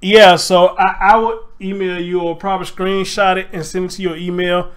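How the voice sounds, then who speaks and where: A man's voice: high-pitched, little pitch movement, normal speed, a bit bright, clear, resonant tone. A man hosting a casual livestream, telling a story with energy and reading viewer comments aloud. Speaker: host.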